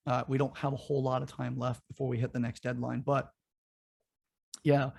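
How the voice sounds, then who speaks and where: A man's voice: mid-range voice, level tone, a little fast, vocal fry, darkish tone, husky. A man co-hosting a podcast, ranting in a heated, profane way during casual political chat. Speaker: podcast co-host.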